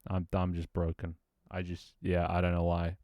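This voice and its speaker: A man on a live stream, grumbling and swearing between easy laughs. His voice sits low and comes through smooth and resonant, recorded dry and close on a desk mic in a small room at home. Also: completely flat delivery, normal speed, warm tone, no echo. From United Kingdom. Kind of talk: casual live-stream chat.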